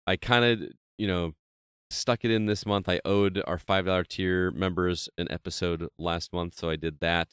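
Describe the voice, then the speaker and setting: Deep-voiced, smooth male podcast host. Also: steady tone, moderate pace, fairly bright tone, dry recording, clean studio sound. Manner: chatty, self-deprecating, laughs often. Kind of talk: casual podcast chat.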